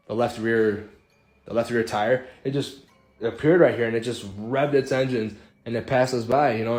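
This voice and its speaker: Young man from Illinois, laid-back storyteller, curses a lot, does quick voices for his friends. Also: medium pitch. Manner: animated, acts out friends' quotes, swears freely. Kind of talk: casual spoken ghost story.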